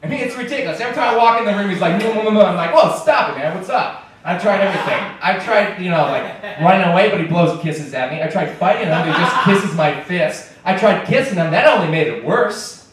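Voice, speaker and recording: A man performing a stand-up comedy set, deadpan, with bursts of mock shouting. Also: sits high, fairly quick. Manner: deadpan joke delivery, jumps to loud mock-shouting. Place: comedy club stage. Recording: echoey club taped from far off with faint hiss.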